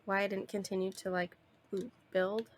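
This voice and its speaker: A woman's voice: mid-range voice, flat delivery, moderate pace, a little hiss or hum. A young woman streaming a video game, chatting casually in a rambling way and laughing often.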